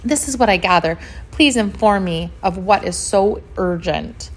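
A woman voicing a calm, precise female snowy owl in a storybook, speaking formally and measured. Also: mid-range voice, natural voice. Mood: composed. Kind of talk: storybook narration.

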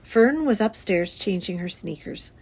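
A woman teacher reading a children's novel aloud to her class in a clear, expressive storytelling voice. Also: mid-range voice, unhurried. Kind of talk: read-aloud children's book.

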